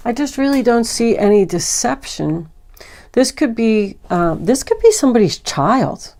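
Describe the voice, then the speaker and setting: A woman's voice: fairly high pitch, sing-song, measured pace, a little mellow. A woman doing a tarot card reading, talking through each card in a meandering, reflective way. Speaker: tarot reader.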